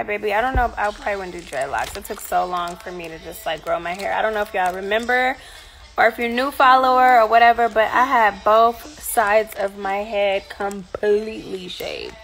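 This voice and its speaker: A woman's voice: medium pitch, moderate pace, a bit bright, soft background music. A woman who is a mother and vlogger, chatting casually and rambling loosely to her followers.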